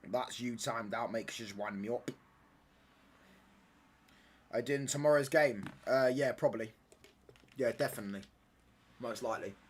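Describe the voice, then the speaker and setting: A man's voice: mid-range voice, moderate pace, pauses often, a little hiss or hum. A young man, chatting casually with his live-stream viewers, full of slangy banter that he tags with "mate" and "pal". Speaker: football watchalong streamer.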